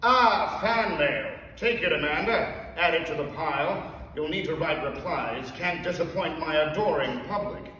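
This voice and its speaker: A man voicing a vain, theatrical American father with a rich, booming voice and a grand, self-important manner. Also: animated, measured pace, sharp tone, far from the mic, slight background noise. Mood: grandly boastful. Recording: echoey hall, voice heard from afar.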